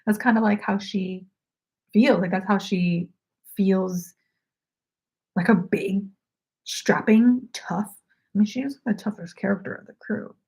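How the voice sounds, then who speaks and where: A woman's voice: medium pitch, a little slow, creaky, pauses often, a little mellow. A woman hosting a casual livestream from home, chatting in a rambling way and saying "like" often. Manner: rambling and chatty, heavy use of "like". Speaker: knitting livestream host.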